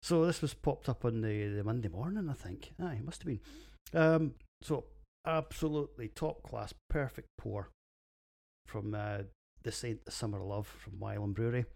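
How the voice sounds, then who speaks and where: A man's voice: medium pitch, lively intonation, moderate pace, creaky, darkish tone. A Scottish man hosting a solo beer podcast from his home office, talking in crude, sweary, self-mocking banter. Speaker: podcast host reviewing beers. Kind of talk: casual solo podcast monologue.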